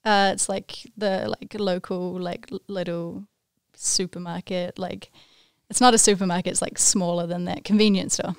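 New Zealand woman, gravelly and smooth. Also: on the low side, flat delivery, moderate pace, no room sound, studio quality. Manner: explains in loose, hesitant phrases full of "like". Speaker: guest, competitive snowboarder. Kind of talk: casual podcast chat.

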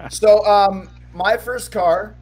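A man's voice: high-pitched, steady tone, slow, a little mellow. Teasing man with a raised voice. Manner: teasing, joking, laughs often. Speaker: podcast co-host. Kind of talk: casual chat.

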